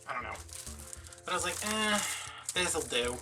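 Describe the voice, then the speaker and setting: A man's voice: mid-range voice, brisk, gravelly, distant mic, music in the background. A man from Louisiana, chatting through a rambling, sarcastic story in a casual vlog. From Louisiana, USA. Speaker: crafting vlogger.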